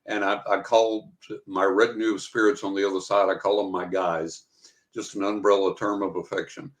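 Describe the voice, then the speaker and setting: An older man, a psychic guest in an interview, telling a story in a lively way and acting out what he said. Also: deep voice, a little fast, rough recording. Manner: lively storyteller who acts out his own quoted lines.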